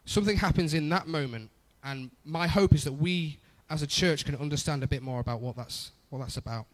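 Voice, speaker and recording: A man's voice: on the high side, a little fast. A young adult man preaching a conversational sermon, often repeating phrases for emphasis. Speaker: pastor.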